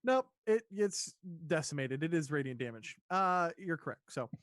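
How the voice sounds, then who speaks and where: A man narrating as dungeon master in a tabletop game, describing scenes haltingly with many fillers. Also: on the high side, expressive, a bit bright, dry recording, clean studio sound.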